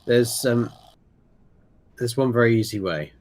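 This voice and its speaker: A man's voice: mid-range voice, measured pace, a little mellow. A man chatting as a co-op gaming partner, dry and teasing. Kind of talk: casual gaming banter.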